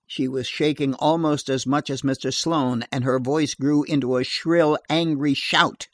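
A man reads a horror story in a steady, measured way. His pace is slow and unhurried. The sound is dry and close. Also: medium pitch, no echo. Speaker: narrator. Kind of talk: horror audiobook narration.

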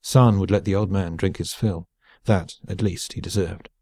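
A man reading an audiobook in a measured, even storytelling voice on a close mic. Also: low voice, no echo. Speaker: audiobook narrator. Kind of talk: scripted narration.

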